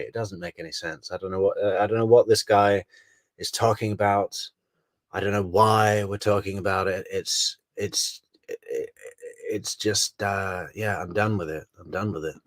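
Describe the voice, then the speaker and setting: A man hosts casual live commentary on a trial, sounding sarcastic and exasperated as he reads out viewer comments. His voice sits fairly low. He is recorded on a close, dry mic with no room sound. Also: steady tone, normal speed, no room sound. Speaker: livestream host commenting on a trial.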